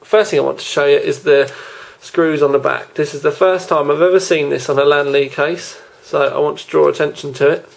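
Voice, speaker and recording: Male tech host, chatty, slightly high voice, casual review in an indoor room. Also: steady tone, brisk, creaky, hardly any pauses. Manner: chatty, informal, talks while handling the case. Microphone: handheld camera.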